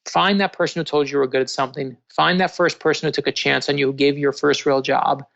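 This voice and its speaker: A man with a somewhat high, gravelly voice talks as an author in a relaxed interview. He tells his stories with animated earnestness. The remote recording sounds dull and lo-fi. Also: fast talker. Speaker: author and guest. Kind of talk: casual interview storytelling.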